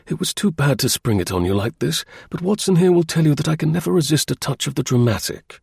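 A man voicing a brisk, dry-witted middle-aged detective in a crisp, measured and confident manner. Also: fairly high pitch, animated, darkish tone, no echo, pitched above the performer's own voice, full character voice.

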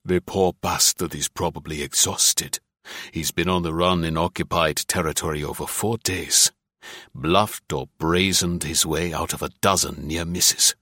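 A hard German lawman, read by a male narrator, barks clipped orders in a very low, deep voice. The tone is bright and forceful, and the sound is dry and close. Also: fairly even intonation, unhurried, no room sound, exaggerated voice. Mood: calm, planning. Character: gruff German police officer, hard, commanding man.

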